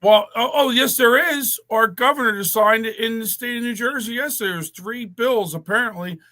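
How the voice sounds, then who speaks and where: A man's voice: very high voice, moderate pace, sharp tone. A man co-hosting a casual political talk stream, reading viewer comments aloud and teasing his co-hosts. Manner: reads chat comments aloud, joking, teasing. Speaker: co-host. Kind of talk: casual political chat show.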